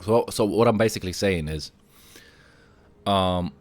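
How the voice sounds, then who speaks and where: A man who is a little sick, explaining a video game item build and reading item stats aloud, getting excited as he hypes the items. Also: low voice, a little slow, faint music behind. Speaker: game guide creator. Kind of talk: gameplay guide commentary.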